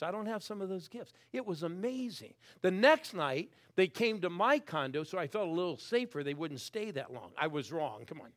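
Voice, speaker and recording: A man in his sixties delivers a sermon with a somewhat high-pitched voice. He talks in animated bursts, rising to loud exhortations and sinking to hushed asides, and keeps calling out to the congregation. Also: a little fast. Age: 60s. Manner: animated, swings from loud exhortation to soft near-whispers, calls on the crowd. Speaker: guest preacher.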